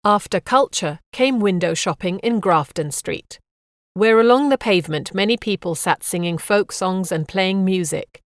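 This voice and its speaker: A woman narrating a memoir audiobook in a calm, measured reading voice. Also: medium pitch, no echo, clean studio sound.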